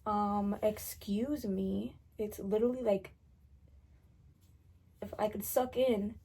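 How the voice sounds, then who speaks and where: A woman's voice: medium pitch, fairly even intonation, slow pace, gravelly, dark tone, breathy edge. A teenage girl chatting casually in a rambling storytime vlog, repeating herself as she goes. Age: teens. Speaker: vlogger. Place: bedroom at night.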